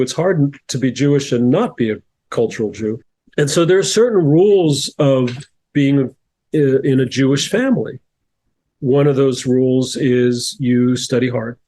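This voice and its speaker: With a warm tone and medium pitch, a middle-aged author and coach from New Jersey shares stories as a podcast guest. The interview is casual, and he comes across as thoughtful, frequently restarting and repeating himself.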